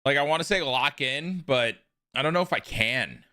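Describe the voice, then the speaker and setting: A man's voice: medium pitch, animated, normal speed, pushed and bright, dry recording, studio quality. A man streaming a video game, chatting casually and joking with his chat. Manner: joking banter with chat, running bits.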